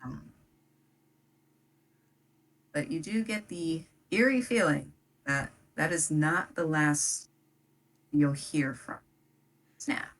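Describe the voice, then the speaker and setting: A woman's voice: deep voice, takes it slowly, a bit bright, recorded from a distance, poor audio. A woman narrating a tabletop game as game master, hesitant and loose, full of "um" and "kind of".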